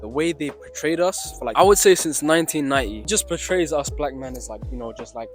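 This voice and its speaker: A young man with a slightly high voice vlogs straight to camera. He talks in a loose, slangy and sweary way, jumping from excitement to quiet reflection. Soft music plays faintly behind him. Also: fairly quick. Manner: animated, swearing, slangy, swings between excited and low. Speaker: vlogger. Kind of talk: casual storytelling to camera.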